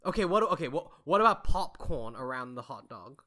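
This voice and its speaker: Brief: animated podcast co-host, sharp bright tone, lively pitch, playful. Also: fairly quick. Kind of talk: casual book-club chat.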